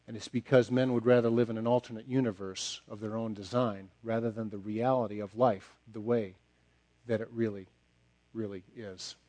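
Mellow-voiced man preaching a sermon. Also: fairly low pitch, steady tone, normal speed. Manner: emphatic, repeats phrases and drops to a quiet close. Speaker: pastor.

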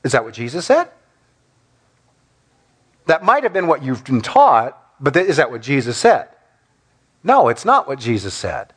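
A man's voice: mid-range voice, huge pitch swings, measured pace, pauses often, husky. A man preaching a sermon, asking rhetorical questions and acting out the lines he quotes in little voices. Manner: acts out quoted speech in small voices. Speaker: pastor.

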